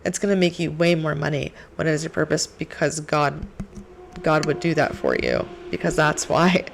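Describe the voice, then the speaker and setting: A young woman talking to camera about her faith, earnest and animated, with plenty of "like". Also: low-pitched, moderate pace, vocal fry, noisy background. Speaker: faith vlogger. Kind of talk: casual faith talk to camera.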